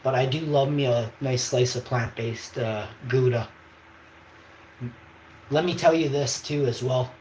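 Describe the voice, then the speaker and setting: A man's voice: medium pitch, unhurried, long pauses, darkish tone. Man rambling on a livestream, echoey room. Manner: emphatic, rambling, checks in with "okay?". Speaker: livestream host. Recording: echoey room, faint background noise.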